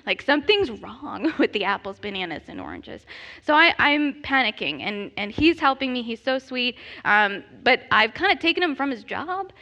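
A woman in her thirties telling a comedic personal story in an animated, self-deprecating way, laughing often. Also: a little high, normal speed, muffled recording.

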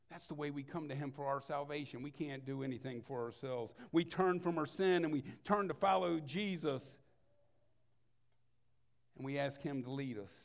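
A man preaching a sermon as a pastor, earnest, moving between hushed and emphatic delivery. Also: on the high side, gravelly.

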